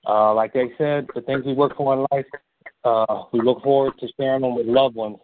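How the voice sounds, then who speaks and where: Guy calling in, trying not to cry, talks slow and halting, tinny phone line. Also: mid-range voice, fairly even intonation. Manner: slow, halting, heartfelt pauses. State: holding back tears. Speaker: caller. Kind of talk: emotional tribute on a call-in show.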